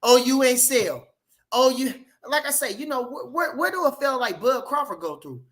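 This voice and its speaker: A man's voice: extremely high pitch, expressive, moderate pace, fairly bright tone. Emphatic man talking boxing. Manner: emphatic, repeats phrases, fires rhetorical questions. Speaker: boxing commentator. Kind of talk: casual opinion talk.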